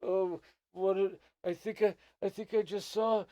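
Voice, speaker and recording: A man's voice: steady tone, a little slow, dark tone, no echo, studio quality. A man voicing a groggy, confused male gnome who has just fallen out of a tree. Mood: dazed. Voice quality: high squeaky put-on voice.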